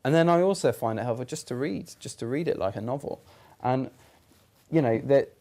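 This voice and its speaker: A man's voice: mid-range voice, brisk, mellow. A young man with a British accent, explaining ideas in an earnest, conversational way, with fillers and restarts. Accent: British English. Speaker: youth church speaker. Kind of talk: casual explanatory talk to camera.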